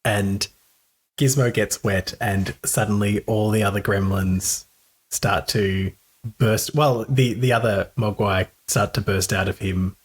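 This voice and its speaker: A man's voice: lowish voice, steady tone, unhurried, slightly rough. A man co-hosting a casual film-review podcast, chatty, laughing often and restarting his sentences. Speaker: podcast co-host.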